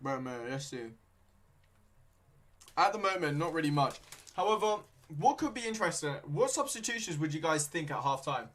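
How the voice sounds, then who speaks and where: Young male streamer, higher voice, loose rambling football chat with plenty of fillers. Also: sing-song, a little fast, a bit bright. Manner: rambling, hesitant, many fillers; talking with his mouth full at times. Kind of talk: casual live match commentary.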